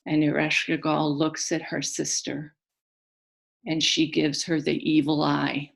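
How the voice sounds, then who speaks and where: A woman telling a myth in a slow, solemn, dramatic storytelling manner. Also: sits low, little pitch movement, gravelly. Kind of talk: mythic storytelling.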